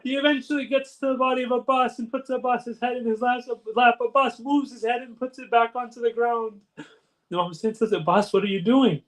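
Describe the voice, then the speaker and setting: A male preacher recounts a sacred story with solemn, emotional narration. His voice sits unusually high for a man, and the story unfolds at a steady sermon pace. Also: brisk, low-quality recording.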